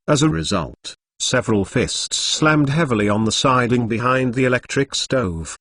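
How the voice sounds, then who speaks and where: A man's voice: mid-range voice, lively intonation, normal speed, hardly any pauses, fairly bright tone, dry recording, clean studio sound. A man narrating a story as an audiobook. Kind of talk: audiobook narration of fan fiction.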